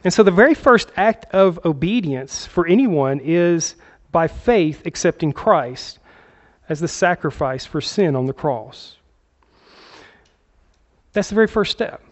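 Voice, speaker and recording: Male pastor, conversational sermon delivery with frequent check-ins, fairly high voice, muffled recording. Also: lively intonation, a little slow. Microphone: handheld microphone.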